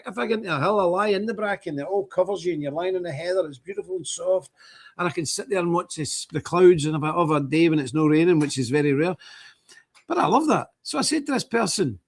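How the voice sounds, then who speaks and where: A middle-aged man, hosting a live stream with scornful, impassioned commentary. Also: on the high side. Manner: scornful, ranting, animated.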